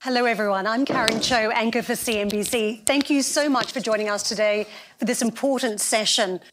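A woman's voice: on the high side, a little fast. A woman news anchor moderating a panel, asking polished, direct questions.

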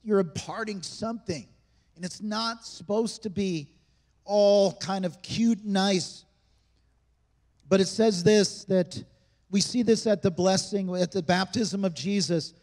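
High-voiced pastor preaching in a reverberant hall. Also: male voice, a little mellow. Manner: emphatic, conversational preaching with rhetorical questions. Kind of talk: sermon. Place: church sanctuary.

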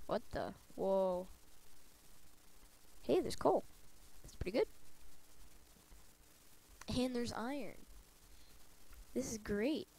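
Slow, mellow-voiced woman with a cold. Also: fairly high pitch, animated, vocal fry, poor audio. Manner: chatty self-talk with sing-song asides. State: has a cold. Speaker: let's play gamer. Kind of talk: casual gameplay commentary.

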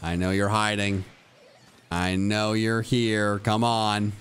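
A man streaming a video game live, muttering to himself and joking with chat, sometimes breaking into high-pitched yelling. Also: flat delivery, slow, clean tone. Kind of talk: live gameplay commentary.

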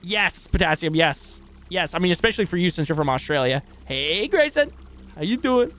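A male streamer giving excitable, profane live commentary while playing a game and thanking new followers. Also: high voice, moderate pace.

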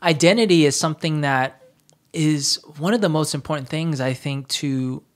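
A young woman with a notably low voice co-hosts a relaxed conversation. She speaks earnestly and thoughtfully, often breaking into easy laughter. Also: normal speed. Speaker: podcast co-host. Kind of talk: casual chat.

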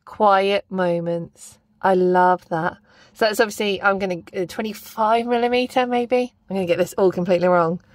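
A young woman unboxing stationery in a casual, gushing vlog. She is excitable and keeps bursting into exclamations, her voice at a middling pitch. The sound is dry and close, with little room echo. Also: moderate pace.

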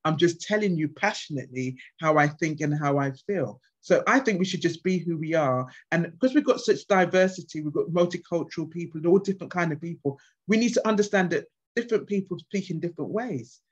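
A woman guest speaker at a conference, answering questions with passionate, animated stories. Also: on the low side, fairly quick, hardly any pauses, breathy edge. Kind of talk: conference Q&A with anecdotes. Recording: dull lo-fi sound.

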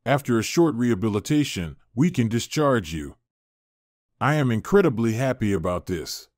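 A man's voice: medium pitch, sing-song, normal speed, a little mellow, no room sound, studio quality, lightly acted. A man reading an upbeat hospital doctor. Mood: pleased.

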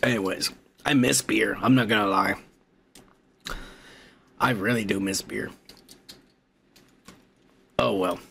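A middle-aged man hosting a podcast, reading viewer comments in a profane, joking way and loudly toasting viewers. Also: fairly low pitch, slow pace, vocal fry, pauses often, slight background noise. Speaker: podcast host. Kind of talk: casual comment-reading chat.

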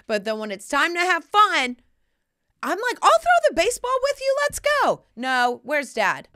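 Bright, animated woman podcast host. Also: no room sound, studio quality. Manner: animated, jumps into loud high mock voices. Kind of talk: casual chat.

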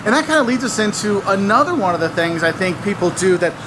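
A man hosting a travel video outdoors, explaining local customs in a lively, wry way. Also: high voice, quick pace. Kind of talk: travel vlog commentary. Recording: outdoor clip with street noise. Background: traffic and street ambience.

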